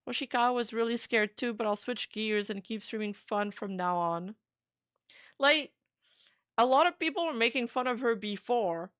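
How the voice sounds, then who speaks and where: Young woman streamer, mid-pitched smooth voice, loose chatty delivery with casual swearing, dry sound. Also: moderate pace, a bit bright, dry recording. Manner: chatty, swears freely, many "like" fillers. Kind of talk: casual reaction commentary.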